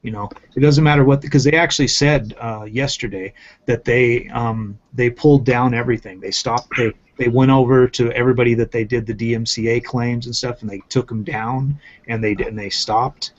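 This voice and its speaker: A man's voice: medium pitch, fairly even intonation, moderate pace. Profane ranting man, muffled audio. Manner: profane, emphatic, repetitive ranting. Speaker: channel host. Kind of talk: casual ranting commentary.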